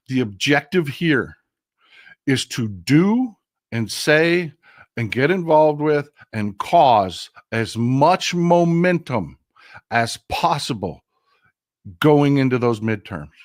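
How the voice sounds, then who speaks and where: Fired-up profane political talk host. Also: male voice, a little high, measured pace, no room sound, clean studio sound. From Texas. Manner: profane, animated, talks straight to viewers as folks. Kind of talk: casual political livestream rant.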